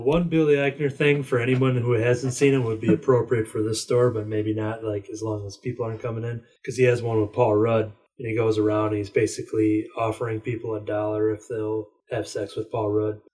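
A man's voice: on the low side, flat delivery, a little fast, hardly any pauses, darkish tone, recorded from a distance, low-quality recording. A man chatting casually as a podcast co-host, rambling through a story and acting out quotes in a raised voice. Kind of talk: casual chat.

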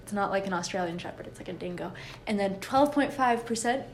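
A woman's voice: mid-range voice, a little fast, a little hiss or hum. A woman co-hosting a podcast in casual chat, often laughing at herself and correcting her slips. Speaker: podcast co-host.

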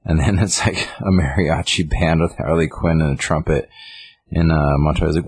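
A man's voice: very deep voice, fairly even intonation, normal speed, husky, dry recording. A man casually recapping a comic story, rambling with lots of fillers. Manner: rambling retelling with many fillers. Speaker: comic book reviewer. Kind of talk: casual chat.

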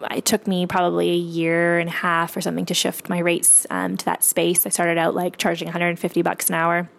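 A woman's voice: lowish voice, creaky. A woman author and coach telling a candid, casual story about money, swearing freely and using many fillers.

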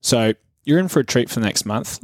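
A young man co-hosting a fitness podcast in a relaxed, joking way, laughing often. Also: mid-range voice, brisk, dry recording, clean studio sound. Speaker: podcast co-host, fitness coach. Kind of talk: casual chat.

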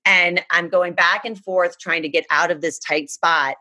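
A woman's voice: on the low side, steady tone, a little slow, pushed and bright. A woman from the United States, earnestly telling a personal story in a casual chat. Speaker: guest.

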